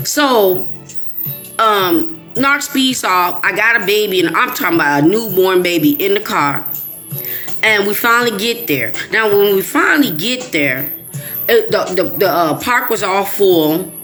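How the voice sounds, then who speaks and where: A woman's voice: mid-range voice, measured pace, faint music behind. A middle-aged woman from Chicago's West Side, telling a story in casual chat with lots of laughter and quoted voices. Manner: animated, laughing, quoting others in voices. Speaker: host. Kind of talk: casual storytelling to a live audience.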